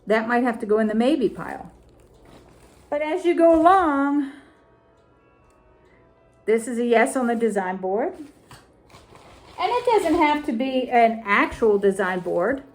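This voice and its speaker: A middle-aged woman hosting a crafting vlog, talking casually and deliberately as she shows ribbons and ornaments, often repeating her phrases. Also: on the high side, expressive, faint music behind. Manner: slow, deliberate, repeats phrases while showing items. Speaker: crafting vlogger.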